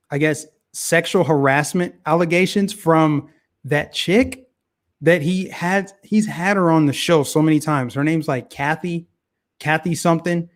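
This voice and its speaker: Political commentary comes from a male talk show host with a fairly high voice. His style is casual, animated and opinionated, heavy on repetition of phrases.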